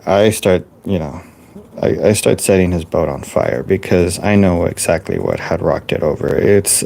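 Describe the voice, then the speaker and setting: Low gravelly man spinning a rambling yarn. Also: darkish tone. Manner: halting, full of restarts and fillers. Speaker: storyteller drawing on camera. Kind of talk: rambling deadpan tall-tale storytelling.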